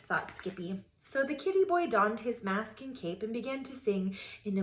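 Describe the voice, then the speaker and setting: A woman teacher reading a children's picture book aloud with expressive, playful storytelling. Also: a little high, moderate pace, few pauses, slight background noise. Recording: roomy echoey room.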